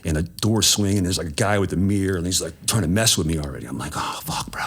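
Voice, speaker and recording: A man's voice: deep voice, quick pace, breathy edge. A middle-aged man telling a story as a podcast guest, laid-back and profane, calling people "bro.". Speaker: podcast guest, cannabis grower. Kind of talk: casual storytelling.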